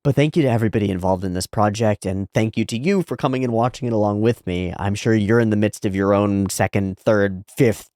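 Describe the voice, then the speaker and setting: A man's voice: fairly low pitch, darkish tone, no room sound, studio quality. A man hosting an anime reaction channel, wrapping up a season with earnest, thoughtful casual commentary and filler words.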